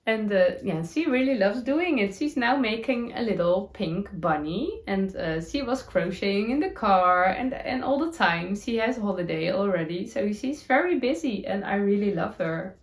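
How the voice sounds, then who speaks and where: A woman's voice: mid-range voice, animated, normal speed, few pauses. Giggly Dutch woman, roomy sound. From Netherlands. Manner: hesitant, many fillers, giggly laughs. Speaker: knitting podcast host. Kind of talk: casual chat showing her knitting gear. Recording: roomy echo.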